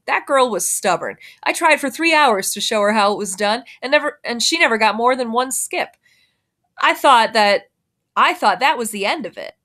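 A woman, a teacher, reading a children's novel aloud with expressive storytelling and lifting her voice for the characters. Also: a little high.

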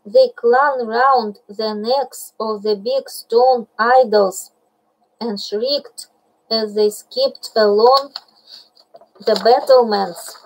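Woman reading a story out loud real slow, highish voice, a few stumbles. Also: fairly even intonation, poor audio. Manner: slow, careful reading with small slips. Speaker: reader.

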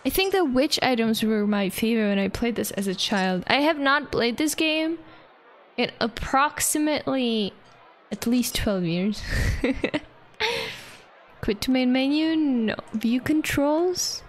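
A young woman streaming a park-building game, excitable, swearing a lot and laughing often. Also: high voice, slow. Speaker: vtuber streamer. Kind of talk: casual gameplay commentary.

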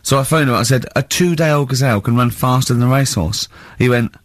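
A man from England hosts a radio show in casual banter. He tells stories in a teasing, laughing way. His voice sits at an ordinary middle pitch, recorded dry and close in a studio. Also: fast, dry recording. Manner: laughing, mocking storyteller. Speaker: radio host. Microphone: studio microphone.

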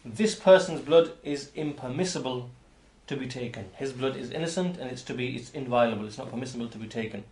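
A man giving an explanatory lecture on hadith as a religious teacher, talking in a halting way with frequent restarts and repeated words. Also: mid-range voice, darkish tone. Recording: roomy echo.

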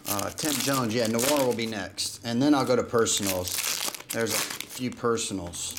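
A man's voice: mid-range voice, unhurried, noisy background. A man hosting a live card break in a casual way, calling out player names as he opens packs. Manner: rattles off player names while opening packs.

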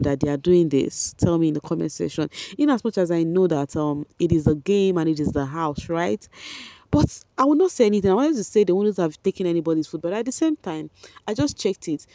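A Nigerian woman commenting on a reality show in a casual, excitable way, laughing often and talking straight to her viewers. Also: low-pitched, dry recording.

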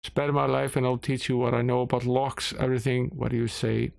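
A man's voice: medium pitch, level tone, a little fast, gravelly, darkish tone, smooth, no room sound. A man reading aloud the lines of a cornered male thief in a computer game who begs for his life, in near his own voice. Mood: pleading. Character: cowering male thief, pleading and nervous.

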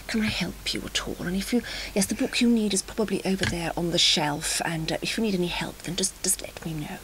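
A woman voicing a polite young male librarian, speaking softly and courteously in a hushed voice. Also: sits high, steady tone, fairly quick, background noise, lightly acted.

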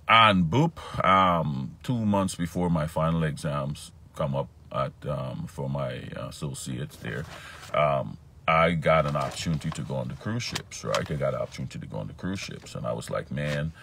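Male preacher, deep husky voice, testimony-style sermon, animated and repetitive. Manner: animated, repetitive, frequent "right?" tags, pitch leaps when emphatic.

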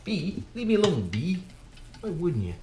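A man's voice: high-pitched, huge pitch swings, moderate pace. Folksy man in an echoey garage. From Canada. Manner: folksy and jokey, keeps calling the viewers "boys"; talks to himself while working. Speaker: vlogger rebuilding an engine. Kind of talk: casual workshop commentary. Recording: echoey room with background noise.

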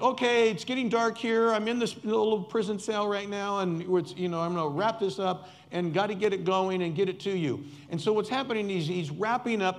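A man preaching a sermon as pastor, emphatic and repeating key words for stress, with playful asides. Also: sits high.

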